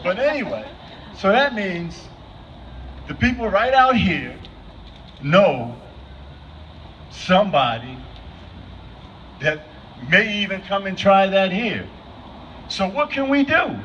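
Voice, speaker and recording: A man's voice: high voice, expressive, slow, pauses often, a bit bright, far from the mic. A man giving an unscripted speech at an outdoor vigil, asking the crowd questions again and again. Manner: asks the crowd repeated questions. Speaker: speaker at a vigil. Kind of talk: impromptu public speech. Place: outdoor gathering. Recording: dull lo-fi with faint noise.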